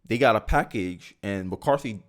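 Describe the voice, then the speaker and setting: A young man with a fairly low voice reads news lines aloud, then breaks off into animated, conversational commentary. He slips now and then into mocking voices while he riffs. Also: a little slow. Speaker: political commentary host. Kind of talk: casual political commentary, reading news aloud and reacting.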